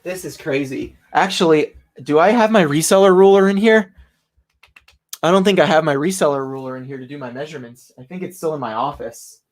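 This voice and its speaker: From a home office, a young online reseller chats excitably and casually with his live-stream audience. His voice runs on the high side and fairly quick, and he laughs often while speaking directly to viewers.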